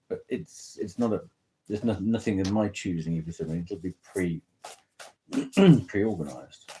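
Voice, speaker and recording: Rambling, low-voiced man reading tarot. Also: dark tone, slight background noise, low-quality recording. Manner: rambling, chatty, self-interrupting. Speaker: tarot reader. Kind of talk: casual tarot reading chat.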